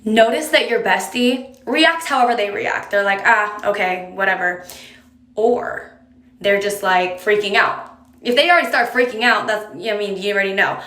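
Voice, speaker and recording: A woman's voice: mid-range voice, normal speed, bright, forceful tone. A woman giving casual, direct advice to camera in a chatty way, coaxing the listener along. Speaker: advice creator. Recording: roomy echo.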